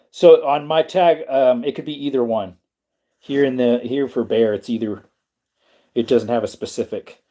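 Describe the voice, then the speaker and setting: A man's voice: mid-range voice, dark tone. A man hosting a casual livestream, rambling and answering his chat as he talks. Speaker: livestream host.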